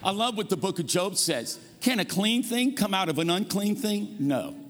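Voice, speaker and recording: A man's voice: high-pitched, moderate pace. A man preaching a sermon as guest pastor, telling funny stories and calling the congregation to say amen. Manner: animated storytelling preacher, calls for amens. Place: church sanctuary. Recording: long hall reverb.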